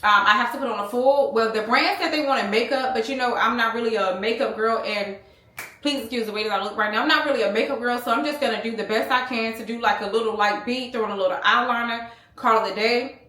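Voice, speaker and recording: A woman's voice: on the high side, quick pace, sharp tone, roomy sound. A woman in her thirties chatting to her viewers as a beauty vlogger, rambling casually and calling them y'all. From United States. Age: 30s. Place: room at home. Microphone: small handheld camera.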